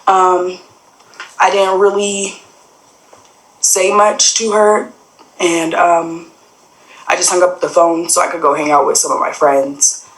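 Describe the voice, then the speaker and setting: A young adult woman with a somewhat low voice tells a personal story in a loose, rambling way, leaning on fillers and acting out quoted conversations. The recording carries a noticeable roomy echo. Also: flat delivery, takes it slowly, long pauses, fairly bright tone. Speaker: guest sharing a personal story.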